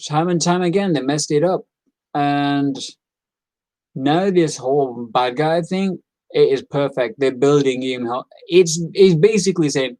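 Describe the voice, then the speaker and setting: Male wrestling reviewer, a bit high-pitched, loose and repetitive delivery. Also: a little slow, warm tone, dry recording, low-quality recording. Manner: rambling, repeats himself, frequent fillers; acts out quoted lines in character. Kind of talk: casual opinionated review.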